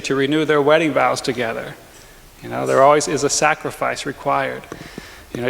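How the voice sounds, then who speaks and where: A male pastor giving a lively, conversational sermon with quick asides and chuckles, in a church. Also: fairly high pitch, creaky. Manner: energetic, conversational preaching with frequent asides and laughs. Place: large church. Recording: long hall reverb in church.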